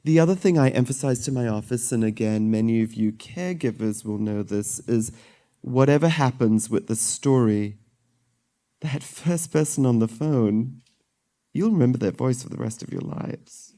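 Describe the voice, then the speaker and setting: A man's voice: medium pitch, normal speed, warm tone. Middle-aged male surgeon, chatty and joking. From Sri Lanka. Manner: light-hearted and conversational, with self-deprecating jokes. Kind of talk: speaking to an audience.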